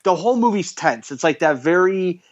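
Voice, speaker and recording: A man's voice: high-pitched, fairly quick. A man hosting a podcast, retelling a horror movie plot in casual chat and acting out the characters' lines. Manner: animated storyteller acting out quoted lines. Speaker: podcast host. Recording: dull lo-fi podcast audio.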